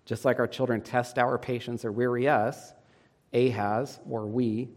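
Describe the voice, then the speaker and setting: A man's fairly high voice rings out through a hall with a long reverb. He preaches a sermon and often asks the congregation questions. His emphasis keeps shifting as he makes each point. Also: darkish tone. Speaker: pastor.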